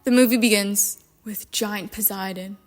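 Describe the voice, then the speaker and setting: A young adult woman giving casual film commentary in a profane, sarcastic, animated way. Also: medium pitch, normal speed, faint music behind. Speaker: YouTube commentator.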